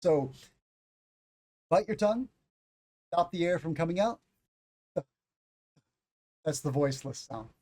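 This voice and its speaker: A man with a fairly high voice teaches English pronunciation live. He spells out sounds slowly and with care, cracks small jokes, and sounds a bit congested in the nose. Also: lively intonation, a little mellow. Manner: explains slowly, demonstrates sounds, jokes and laughs. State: slight sinus congestion. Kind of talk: live-streamed English lesson.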